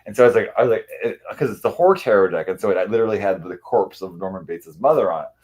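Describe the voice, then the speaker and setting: Male streamer, fairly low pitch, loose rambling chat, stops often to coo at his cats. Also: expressive, very fast, darkish tone. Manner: rambling, many restarts, coos at his cats. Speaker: livestreamer. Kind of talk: casual rambling livestream chat.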